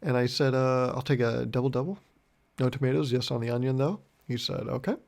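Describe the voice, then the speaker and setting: Gravelly young man telling rambling stories. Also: medium pitch, brisk. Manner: deadpan, rambling, swears a lot, acts out both sides of conversations. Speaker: podcast host. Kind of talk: solo comedic storytelling podcast.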